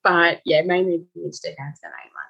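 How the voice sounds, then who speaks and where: A woman chats as a guest on a podcast, rambling a little and slipping into lively quoted voices. Her voice is gravelly with a husky edge. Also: on the low side, moderate pace, muffled recording. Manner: chatty, rambling, quotes people in raised voices. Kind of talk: casual interview chat.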